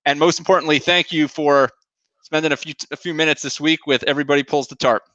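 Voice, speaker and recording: A man hosting an interview podcast, thanking his guest in a halting way with many repeated words. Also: on the high side, fairly even intonation, fairly bright tone, dry recording, lo-fi sound. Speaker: podcast host. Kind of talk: interview wrap-up.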